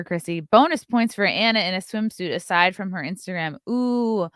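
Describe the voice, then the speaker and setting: A woman's voice: mid-range voice, animated, normal speed, fairly bright tone, no echo. Brash woman host, dry close sound. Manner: brash, sarcastic storytelling, reading chat messages. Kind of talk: casual live-stream chat.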